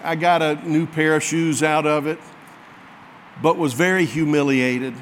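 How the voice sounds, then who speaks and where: Pastor telling a story in a reverberant hall. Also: male voice, on the high side, steady tone, unhurried, a little hiss or hum. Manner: folksy, self-mocking anecdote. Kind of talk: sermon storytelling.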